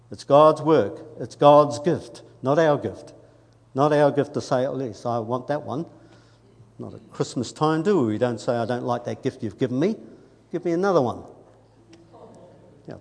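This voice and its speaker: An earnest man with a mid-range voice delivers a sermon in a church, his speech conversational with quiet asides and emphatic rises. The hall gives his voice a long, ringing reverb.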